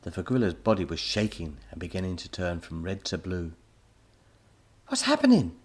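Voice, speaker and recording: A man narrating a children's story as an expressive audiobook reader. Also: low voice, a little fast.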